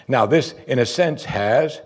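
A man preaching a sermon as pastor, conversational, voicing his listeners' doubts in a higher voice. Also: unhurried, breathy edge. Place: church sanctuary.

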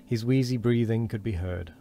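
Low, mellow male reader, calm book narration; faint hiss. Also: moderate pace, gravelly. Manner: calm, occasional slips and restarts. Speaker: streamer reading aloud. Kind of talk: unhurried book reading.

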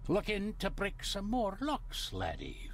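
A man with a Scottish accent playing a gruff, secretive gardener who clings to the old ways, speaking slowly and guardedly. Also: sits high, wildly swooping pitch, fairly bright tone, a little hiss or hum, heavily acted. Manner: slow, guarded, dialect-heavy. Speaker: game character.

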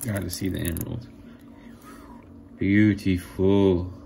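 The speaker, a jewelry maker, is amazed and excited, laughing often while he slowly and casually presents his handmade work. His voice is deep and gravelly, and there's distinct workshop noise in the background throughout.

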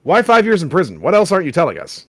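A man's voice: high voice, wildly swooping pitch, fast talker, breathy edge, no room sound. A man hosting a comedy show, wryly reading forum posts aloud and laughing at them. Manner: wry, laughs at what he reads. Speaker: host reading internet posts.

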